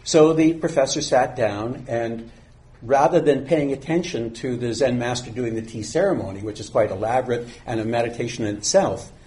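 Calm man giving a meditation talk. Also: mid-range voice. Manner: calm, unhurried, reads a teaching poem slowly. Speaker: meditation teacher. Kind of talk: dharma talk.

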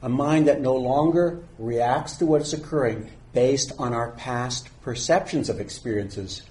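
Calm man giving a meditation talk. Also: medium pitch. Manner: calm, unhurried, reads a teaching poem slowly. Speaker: meditation teacher. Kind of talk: dharma talk.

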